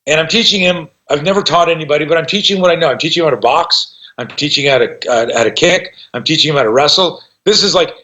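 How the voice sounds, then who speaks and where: A man's voice: fairly high pitch, fast talker, hardly any pauses, pushed and bright, lo-fi sound. A man in his fifties, a self-defense instructor and podcast guest, tells stories with energy, swears freely and acts out what people said. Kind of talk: animated storytelling.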